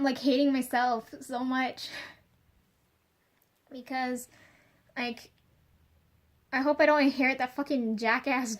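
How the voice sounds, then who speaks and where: Young woman, kinda high voice, venting in a vlog, rambly, lots of "like" and cursing. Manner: rambling, heavy swearing, many fillers. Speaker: vlogger. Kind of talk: casual confessional rant.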